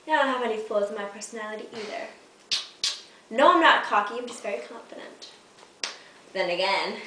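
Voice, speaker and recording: A teenage girl chats to her camera at home, hyper and giggly, poking fun at herself. Her voice is fairly high and bright with a sharp edge. She sits back from the camera mic in an echoey room. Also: far from the mic, slight background noise. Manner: hyper, giggly, self-mocking. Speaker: vlogger. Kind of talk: casual storytelling to camera.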